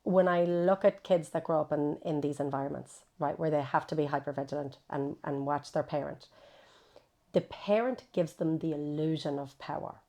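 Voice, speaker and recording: A woman, a psychotherapist guest explaining ideas in an interview, animated and acting out quoted voices. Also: low voice, moderate pace.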